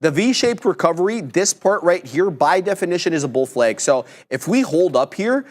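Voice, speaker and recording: A man's voice: sits high, very animated, normal speed. Man patiently explaining his chart. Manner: patient, explanatory, walks through chart levels. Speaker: day trader host. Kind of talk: live trading stream commentary.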